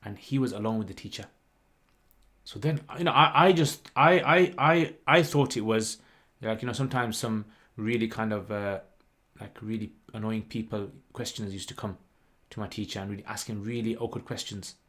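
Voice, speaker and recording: A man, hosting a livestream and telling a story in a rambling, lively way with lots of fillers. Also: on the low side, normal speed. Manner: rambling, animated retelling with many "like" and "you know" fillers. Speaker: channel host.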